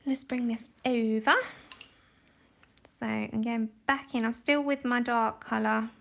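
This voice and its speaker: A woman's voice: on the high side, fairly even intonation, a little slow, vocal fry, fairly bright tone. A woman from London with a London accent, chatting casually and rambling a little as she colours on a livestream. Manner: chatty, rambling, laughs often. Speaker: livestream host. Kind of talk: casual chat while colouring. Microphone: phone.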